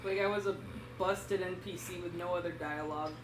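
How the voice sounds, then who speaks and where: A young woman co-hosting a gaming stream, telling stories in an animated, playful way. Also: on the low side, fairly quick, over loud music. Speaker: gaming YouTuber co-host. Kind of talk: casual chat over a game stream. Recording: echoey room, slight hiss.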